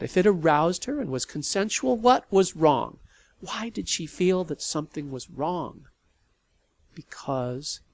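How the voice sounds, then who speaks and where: Expressive male audiobook narrator. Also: on the high side, gravelly. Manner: expressive storytelling. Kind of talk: scripted narration.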